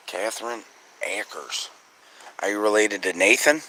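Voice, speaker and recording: There's a little hiss or hum on this phone recording of a man hosting an outdoor night-sky stream. His voice is low-pitched and moderately paced, and he talks to chat viewers in an excitable, profane way.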